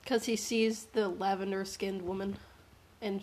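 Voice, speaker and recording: A woman co-hosting a podcast and discussing her own story in relaxed, casual chat. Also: mid-range voice, slow. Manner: relaxed, laughs often. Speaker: podcast co-host and story author.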